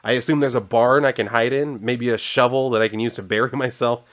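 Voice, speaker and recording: A man's voice: medium pitch, fairly even intonation, a little fast, lightly acted. A man reading the lines of a nervous, starstruck young journalist from a comic. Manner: plainly read aloud.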